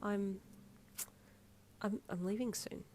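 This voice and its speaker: A woman's voice: medium pitch, animated, a little fast, slight background noise, lightly acted. A woman voicing the listener character, an emotional young woman leaving home who turns sassy. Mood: tearful. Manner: quivering, tearful, then sassy.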